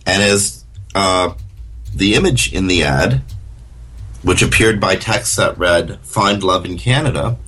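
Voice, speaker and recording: A man co-hosting a radio talk show, chatting casually and often halting with fillers and repeats. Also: low voice, a bit bright.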